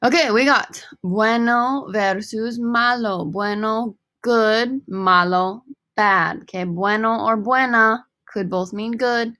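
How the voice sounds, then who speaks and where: A woman teaches a recorded Spanish lesson in an upbeat, joking way, saying each word slowly and more than once. Her voice has a gravelly, fried edge. The sound is dry and close, with no room around it. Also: medium pitch, pushed and bright, no room sound.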